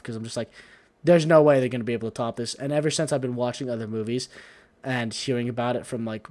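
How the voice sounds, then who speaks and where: A man streaming, chatting casually, rambling and swearing heavily with quick asides. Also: mid-range voice. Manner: profane, rambling, heavy swearing.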